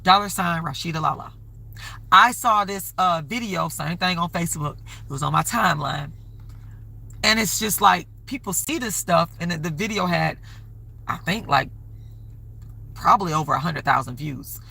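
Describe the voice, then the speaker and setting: A woman hosting a livestream chats and rambles casually, regularly pausing to ask viewers for donations. Her voice is lowish with vocal fry and a breathy edge, bright and forceful in tone, at an ordinary pace.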